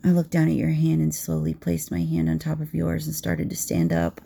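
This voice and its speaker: Soft, gravelly woman telling an intimate story. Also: deep voice, normal speed. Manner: soft and intimate, slipping into whispers. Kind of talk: intimate second-person romance narration.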